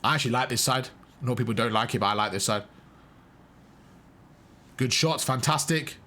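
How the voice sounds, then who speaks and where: A man's voice: mid-range voice, a little fast, sharp tone. A young man coaching a player live through a match, emphatic and full of praise, repeating his instructions. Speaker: game coach. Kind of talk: live gameplay coaching commentary.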